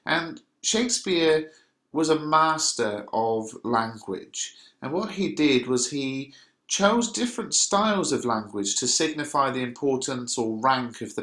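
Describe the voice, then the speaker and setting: A male teacher at a middle pitch talks a class through the material, slow and patient, stopping often to search for words. His voice carries a roomy echo, as if recorded in an open room. He keeps the tone plain and explanatory. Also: a bit bright. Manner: patient, explains step by step with frequent pauses.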